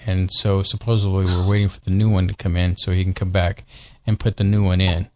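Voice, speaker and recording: A man's voice: low voice, flat delivery, fairly quick, darkish tone. A man co-hosting a live internet talk show, chatting casually and rambling with lots of fillers. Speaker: podcast co-host. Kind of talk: casual chat.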